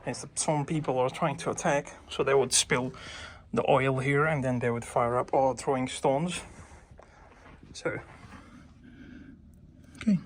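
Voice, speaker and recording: Male vlogger, phone in hand, chatty and halting as he tours old rooms, slight background hiss. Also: mid-range voice. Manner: relaxed, hesitant with many uh fillers, addresses viewers. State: breathing heavily while climbing. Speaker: walking tour vlogger. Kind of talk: casual walking tour narration. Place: old fort, indoors and out. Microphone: handheld phone.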